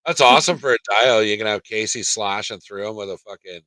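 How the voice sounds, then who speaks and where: A man's voice: lowish voice, fairly quick, pushed and bright. A man hosting a casual toy-collecting chat, easygoing, steering the talk and asking his co-hosts questions.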